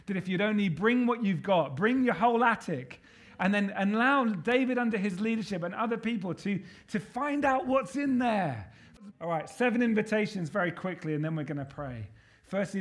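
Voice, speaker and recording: A man preaching a sermon to a congregation, emphatic and rallying, drawing the listeners in with call-and-response questions. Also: high voice.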